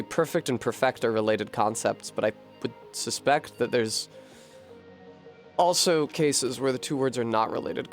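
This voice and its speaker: A man streaming a video game, chatting casually and thinking aloud to his viewers, swearing freely and getting animated. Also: medium pitch, creaky. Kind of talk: casual live-stream chat while gaming.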